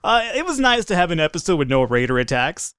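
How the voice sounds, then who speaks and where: A man narrating his gameplay in a let's play, his voice sitting a little high and coming through smooth and clear. He talks excitably and swears freely, laughing at his own blunders. The sound is close and dry, with no room around it. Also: quick pace, no echo. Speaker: gaming commentator.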